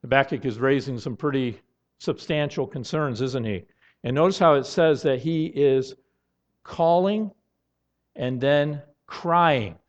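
A man preaching a sermon in an earnest tone, now and then rising to loud, emphatic outbursts. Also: mid-range voice, a little slow. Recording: dull lo-fi sound.

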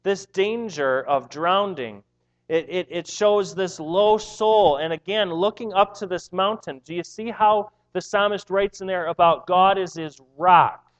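A man's voice: high-pitched, a little slow. A man preaching a sermon in an earnest, emphatic way, often repeating words as he drives a point home.

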